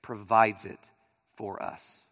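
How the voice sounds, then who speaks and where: A male pastor preaching a sermon, swinging between loud emphasis and near-quiet asides. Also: lowish voice, flat delivery, slow pace. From Pittsburgh area. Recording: long hall reverb.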